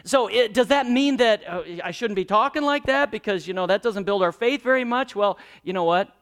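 A man preaching a sermon, swinging between loud emphatic lines and hushed, quiet asides. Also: high-pitched, a little fast, clean tone. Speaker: pastor.

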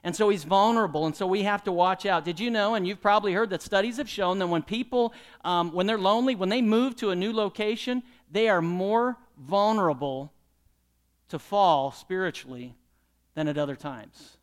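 Higher-voiced pastor preaching. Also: male voice, moderate pace. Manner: questions the congregation and leads call-and-response. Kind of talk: sermon.

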